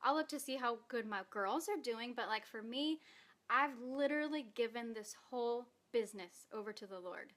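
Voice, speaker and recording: On a vlog, a direct sales distributor reads from her own post as she gives an earnest, emotional testimony while keeping tears at bay. She speaks at a moderate pace, her voice a little high and fairly bright.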